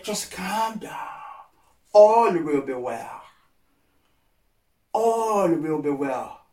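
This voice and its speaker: A male preacher with a fairly high voice gives an impassioned sermon, repeating phrases for emphasis and moving from hushed comfort to loud pleading. He sits far from the mic, so the sound is roomy and echoey.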